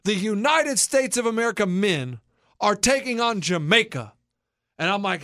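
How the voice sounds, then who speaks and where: This thirtysomething podcast host has a very high voice and shares a lively childhood tale, jumping into impressions of the people in it. His speed is normal for a casual storytelling chat, and the close, dry recording has no echo or room sound.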